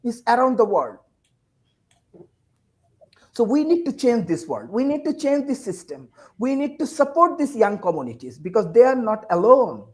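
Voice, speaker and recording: A woman's voice: on the high side, very animated, moderate pace, darkish tone, rough recording. A woman from Bangladesh, a university teacher speaking, gives an emotional, urgent panel speech full of repeated phrases and rhetorical questions. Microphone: video call.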